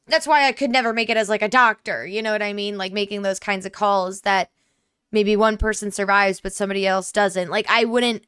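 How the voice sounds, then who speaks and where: A woman's voice: medium pitch, steady tone, fairly quick, a bit bright, smooth, no room sound, clean studio sound. A young woman playing a story game, reading its messages aloud and chatting between them in a talkative way full of "like" fillers. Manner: chatty, many 'like' fillers, empathetic. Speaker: gaming YouTuber. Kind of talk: let's play commentary, reading game texts aloud.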